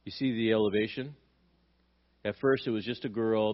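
A man's voice: on the low side, steady tone, normal speed, lo-fi sound. A male pastor preaching a sermon, asking rhetorical questions and acting out quoted dialogue with emphasis.

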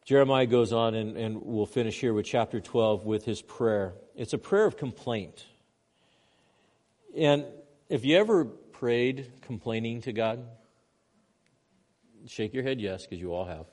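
A male pastor delivers a sermon in church with a lively, animated voice that rises sharply and then drops to near-quiet. His voice sits at an ordinary middle pitch. The delivery swings between urgent and hushed. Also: unhurried.

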